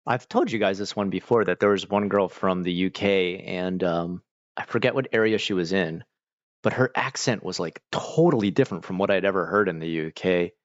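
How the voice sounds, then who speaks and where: A man's voice: low voice, no echo. A man chatting casually on a livestream, answering chat in a rambling, hesitant way with many fillers and restarts. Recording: dull lo-fi dry mic.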